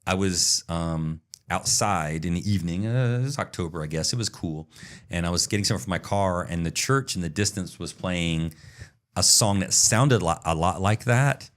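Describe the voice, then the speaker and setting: A man's voice: sits low, normal speed. A man co-hosting a podcast in casual chat, rambling through a story and acting out the sounds. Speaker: podcast co-host.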